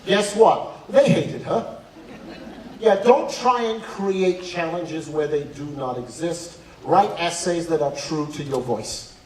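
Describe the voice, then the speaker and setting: A man speaking on college admissions at a school night, telling animated, humorous stories at an unhurried pace with a fairly high voice. He sounds far from the microphone in an echoey hall, with faint noise behind him. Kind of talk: talk to students and parents.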